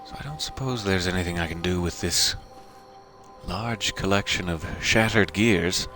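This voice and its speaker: A man streaming a video game live, commenting in a playful, mock-formal joking way. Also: deep voice.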